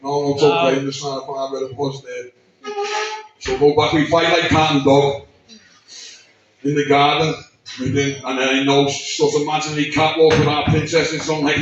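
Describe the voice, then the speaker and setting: A man reads out a tribute at a gathering, his voice slightly raised in pitch, halting often and swearing as he fights back tears. He sounds distant from the mic, with heavy echo from the room. The sound is muffled and dull. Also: a little hiss or hum. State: emotional, close to tears. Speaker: speaker at a memorial birthday gathering. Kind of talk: emotional tribute speech read aloud.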